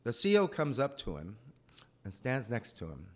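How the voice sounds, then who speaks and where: A man telling a personal childhood story in a rambling, animated way. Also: medium pitch, normal speed. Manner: animated, rambling, acts out voices.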